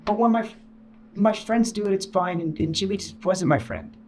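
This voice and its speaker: A man telling his own story about working as an employee, rambling and self-deprecating, quoting other people in animated voices. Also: high voice, normal speed, slight background noise. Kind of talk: personal storytelling in a video.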